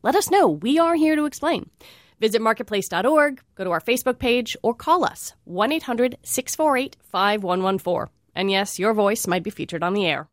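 A woman's voice: a little high, expressive, normal speed. A woman hosting a radio interview show in a studio, friendly and lightly teasing with her callers.

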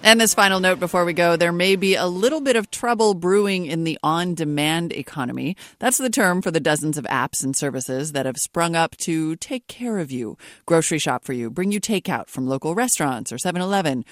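A radio host delivering scripted narration in a smooth, measured way. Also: medium pitch, lively intonation, fairly bright tone, dry recording, studio quality.

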